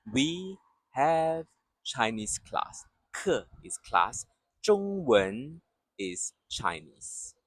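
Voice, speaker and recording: A man teaching pronunciation, slowly repeating syllables and short words and explaining them in English. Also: a little high, a bit bright, slightly rough, no echo. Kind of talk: slow, deliberate lesson drilling sounds for repetition.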